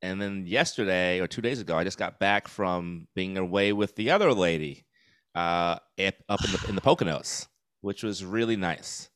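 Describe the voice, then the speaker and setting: Guest spot: man in his 40s, low resonant voice, dry close sound, candid and rambling. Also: normal speed, fairly bright tone, clean tone, no echo. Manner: candid, laughs easily, rambling with fillers. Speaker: comedian guest. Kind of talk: casual podcast chat. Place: New York City.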